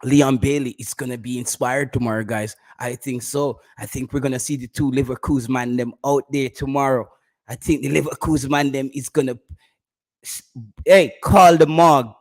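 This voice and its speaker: A man's voice: medium pitch, level tone, fairly quick, a little mellow. A man with a Jamaican accent, hosting a casual live stream about football, bantering with his chat and laughing often.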